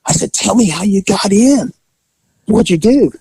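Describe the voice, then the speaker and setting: A man hosting a podcast, telling a police story in a relaxed, conversational way and acting out the people in it. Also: sits high, measured pace, vocal fry, husky, dry recording, rough recording. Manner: animated storyteller who acts out the people in his story. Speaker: podcast host and former police officer. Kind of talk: casual storytelling.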